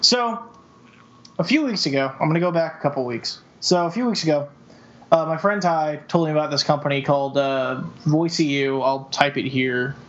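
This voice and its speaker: A man chatting casually on a podcast, halting with many restarts. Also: fairly high pitch. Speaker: podcast co-host. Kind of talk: casual chat. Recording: dull lo-fi podcast audio.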